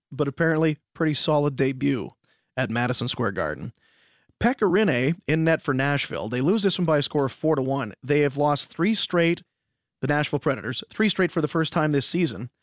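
A man co-hosting sports radio with a slightly hoarse voice, chatting casually and rattling off hockey scores. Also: a little high, dry recording.

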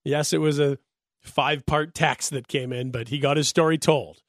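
A man hosting sports talk radio from a studio mic, joking and animated. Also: on the high side, normal speed, no echo. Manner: joking, animated, laughs often. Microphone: studio microphone.

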